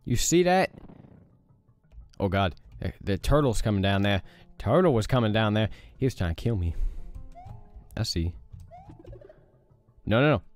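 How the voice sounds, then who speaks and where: A young man talks through a platform game in casual let's play style. His voice sits low yet swings widely as he groans, swears and shouts at the game. Faint game music plays behind him. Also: animated, normal speed, long pauses. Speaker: gaming YouTuber.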